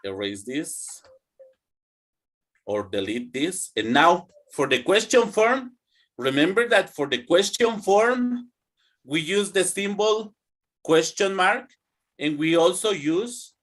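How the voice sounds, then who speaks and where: Man, teaching English, slow deliberate pace, expressive pitch. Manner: slow, drawn-out teaching with repeat-after-me drills. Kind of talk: online classroom lesson.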